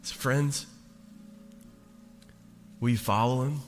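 A man in his thirties preaching a sermon as pastor, slow and emphatic, building to loud peaks. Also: mid-range voice, steady tone. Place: church sanctuary. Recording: long reverb of a large hall. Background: soft instrumental music.

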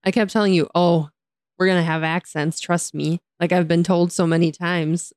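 A woman's voice: fairly low pitch, steady tone, normal speed, darkish tone, no room sound, clean studio sound. Giggly American woman podcast host. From United States. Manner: giggly, playful, jokey. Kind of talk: casual chat.

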